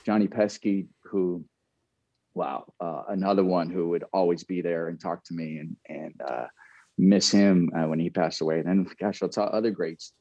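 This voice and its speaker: A man with a low, mellow voice recalls old stories in a relaxed interview, laughing now and then and restarting his sentences. The recording is dull and lo-fi, with a dry, close sound. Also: normal speed, dry recording. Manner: reflective, laughs often, many restarts. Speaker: guest, former pro baseball player. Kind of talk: casual storytelling interview.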